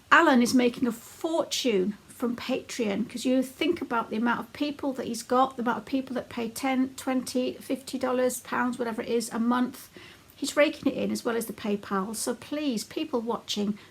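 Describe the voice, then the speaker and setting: Woman, husky voice, fairly high pitch, indignant commentary host, emphatic. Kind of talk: critical commentary.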